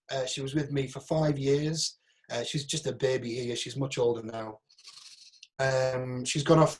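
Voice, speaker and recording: A man's voice: mid-range voice, darkish tone. A man with a Northeast English accent, an acting agent, giving a frank, chatty online workshop over a video call and picking apart audition clips.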